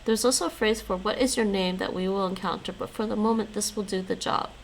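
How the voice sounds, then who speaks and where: A woman hosts a casual language-learning live stream, reading lesson notes aloud and chatting loosely with viewers while laughing often. Her medium-pitched voice is fast, gravelly, and creaky, and the poor audio carries faint background noise.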